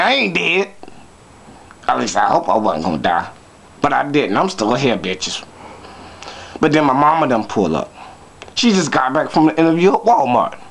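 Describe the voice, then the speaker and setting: Brash, profane man telling a story. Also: medium pitch. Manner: profane, brash, joking asides. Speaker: vlogger. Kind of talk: comic storytelling to camera.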